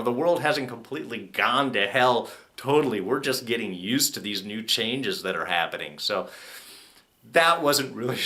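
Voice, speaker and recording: A man reviewing a TV episode in a casual spoken way, chatty and quick to act out characters' lines in mock voices. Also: lowish voice, sharp tone. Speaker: TV show reviewer.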